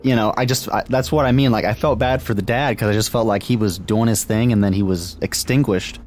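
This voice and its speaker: A man co-hosting a casual film podcast, chatty and quick to laugh while he recaps the plot. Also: on the low side, a little mellow, slight background noise. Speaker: podcast co-host.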